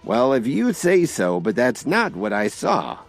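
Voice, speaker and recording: A man narrating an audiobook and voicing a quick-tempered older father who shouts at the top of his lungs. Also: mid-range voice, huge pitch swings, gravelly, faint music behind, pitched above the performer's own voice, heavily acted. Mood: doubtful. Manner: shouting, thundering.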